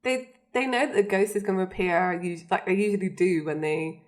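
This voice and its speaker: A woman's voice: medium pitch, brisk. A young woman co-hosting a podcast, chatting casually and recapping scenes with frequent laughs. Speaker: podcast co-host. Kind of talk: casual chat.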